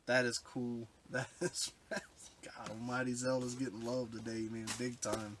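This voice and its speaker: A man's voice: mid-range voice, level tone, unhurried. A man unboxing retro games for his vlog, overwhelmed and choked up, often trailing off mid-sentence. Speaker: retro game collector vlogger. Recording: background hiss with clicks.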